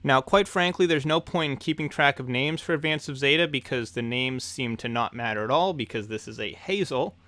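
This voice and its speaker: A young man hosting a hobby news show, talking in an excited, enthusiastic way. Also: mid-range voice, a little fast, few pauses, no echo.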